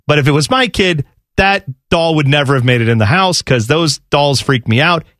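Wry, lively man hosting radio sports talk. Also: a little high, normal speed, no echo, clean studio sound. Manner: wry, joking storyteller. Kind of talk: casual radio banter. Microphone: studio microphone.

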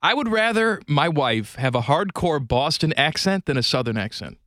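A man's voice: a little high, very animated, normal speed, a bit bright, no echo, clean studio sound. A man co-hosting a podcast in casual chat, blunt, provocative and jokey. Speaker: podcast co-host.

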